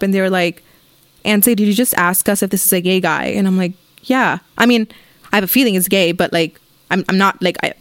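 Young woman podcast host, mid-pitched, dry close mic, blunt profane storytime rant, heavy "like" fillers. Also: smooth, no echo. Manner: blunt, profane, lots of "like" fillers, acts out friends' voices.

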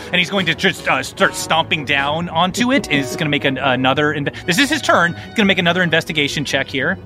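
A man's voice: a little high, lively intonation, fast, hardly any pauses, music in the background. A man narrating as game master in a tabletop game, loose and playful with many fillers.

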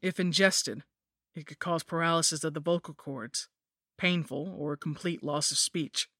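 A woman reads a horror story in the first person, with a measured, grim pace. Her voice is bright and sits close to the mic in a dry room. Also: deep voice, fairly even intonation, no echo. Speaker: narrator. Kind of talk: scripted horror narration.

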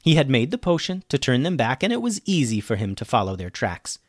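A male podcast host reads a children's story aloud in a playful, animated way. His voice sits at a middle pitch, and the recording is dry and close. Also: a little fast, no echo. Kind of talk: storytelling narration.

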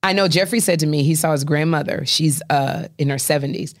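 A woman's voice: deep voice, fairly quick. A middle-aged woman, a comedian, chatting in an interview and telling colloquial stories with punchy asides. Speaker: talk show host and comedian, interview guest. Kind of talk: casual interview chat.

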